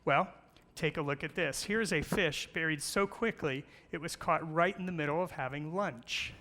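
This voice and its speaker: Bright-voiced man preaching in a hall. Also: fairly high pitch. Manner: playful, storytelling with jokes and rhetorical questions. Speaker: guest speaker on creation. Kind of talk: church presentation with slides. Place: large church hall. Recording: long hall reverb.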